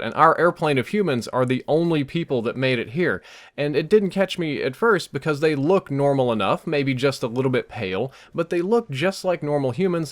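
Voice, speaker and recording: A young man casually retelling a strange dream over game footage, animated and rambling, with fillers and restarts. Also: mid-range voice. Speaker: gaming YouTuber. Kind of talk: casual storytelling over gameplay.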